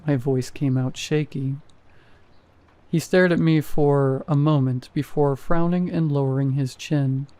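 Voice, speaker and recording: A man reads a first-person horror story at a steady, measured pace. His voice is mellow and warm, pitched a little high for a man. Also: clean tone, no room sound. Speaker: narrator.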